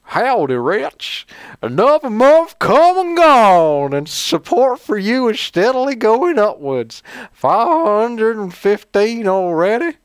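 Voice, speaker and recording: A man's voice: sits high, sing-song, takes it slowly, clear, resonant tone, no room sound, pitched above the performer's own voice, full character voice. A man putting on a drawling fan. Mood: cheerful.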